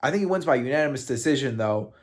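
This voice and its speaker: A man's voice: medium pitch, lively intonation, fast. A man commenting on combat sports in a casual fight breakdown, joking and laughing often.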